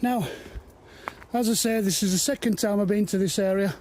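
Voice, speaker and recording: A high-pitched man talks casually to his camera while hiking uphill paths outdoors. He rambles and sounds easily amazed, sometimes a little short of breath. Faint outdoor ambience hums behind him. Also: normal speed, darkish tone, a little hiss or hum. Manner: walking uphill, at times a bit out of breath. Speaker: walking vlogger. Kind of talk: casual walk-and-talk narration. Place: outdoors on hilly woodland paths.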